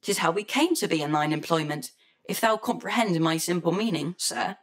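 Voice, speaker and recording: A woman's voice: on the low side, animated, moderate pace, natural voice. A woman voicing a fussy, anxious male protocol robot in an amateur verse audio drama, speaking in a formal, prim way. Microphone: home computer mic.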